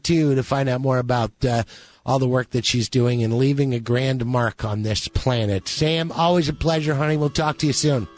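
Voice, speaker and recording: A man hosts a radio music show and banters casually with a guest. His voice sits at an ordinary pitch. The sound is close and dry. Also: normal speed, no echo. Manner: joking, chatty. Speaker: radio host.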